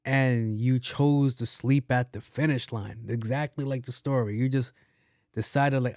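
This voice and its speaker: Male podcast host, casual storyteller, slangy and profane, mid-pitched voice, dry close sound. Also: fairly even intonation, measured pace, a little mellow, no echo.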